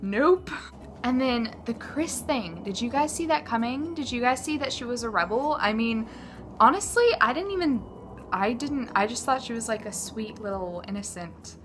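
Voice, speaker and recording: A book vlogger talks casually to the camera in a slightly high voice, with music playing behind her. She's animated and gushing, tossing off quick asides that mock the characters.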